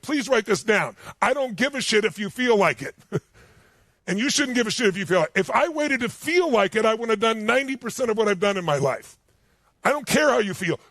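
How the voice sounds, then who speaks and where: A man giving a motivational seminar speech to a live audience, telling stories in an emphatic, animated way. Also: sits high, brisk, no echo. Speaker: motivational speaker. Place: stage before a live audience.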